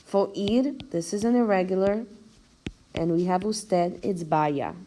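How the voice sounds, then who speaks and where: A woman teaching in a recorded video lecture, speaking slowly and deliberately as she counts out syllables one by one. Her voice is low and mellow, with a faint hiss of noise behind it. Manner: slow, careful explanation, spelling out syllables. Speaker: language teacher.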